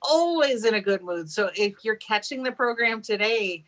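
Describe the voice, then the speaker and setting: A woman's voice: on the high side, expressive, moderate pace, fairly bright tone, poor audio. A woman co-hosting a casual talk show, bubbly and teasing, laughing often. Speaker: podcast co-host. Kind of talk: casual chat. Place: large walk-in closet.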